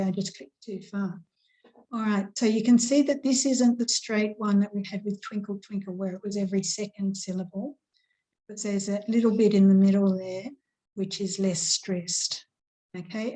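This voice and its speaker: A woman teaching an online grammar lesson to schoolchildren, patient and measured, stressing syllables slowly as she recites. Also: medium pitch, mellow, rough recording.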